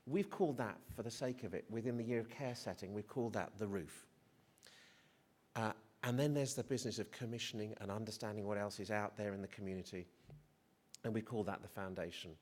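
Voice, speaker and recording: At a conference hall, a middle-aged male physician presents in a fairly low, darkish voice at a brisk pace. He is hesitant, often restarting his sentences, and makes self-deprecating jokes.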